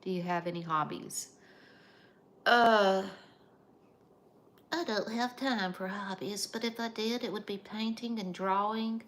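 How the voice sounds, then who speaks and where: An American woman hosting a casual live stream, chatting and reading out viewer comments in an unhurried way. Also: mid-range voice, a bit bright. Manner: unhurried, chatty, drawn-out phrasing. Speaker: livestream host.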